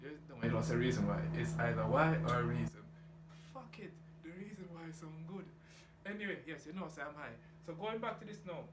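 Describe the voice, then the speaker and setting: A man's voice: fairly high pitch, lively intonation, fast talker. A man rambling casually about his aquarium hobby, laid-back and swearing freely. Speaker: reef tank hobbyist vlogger. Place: home room by an aquarium, door open to outside. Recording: echoey room with outdoor noise. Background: geese and outdoor ambience.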